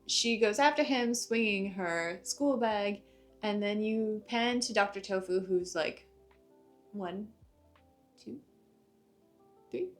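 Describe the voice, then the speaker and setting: A young woman casually recapping an anime episode, chatty and full of fillers like "like" and "uh". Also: medium pitch. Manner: chatty, uses many fillers like "like" and "uh". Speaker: anime reviewer.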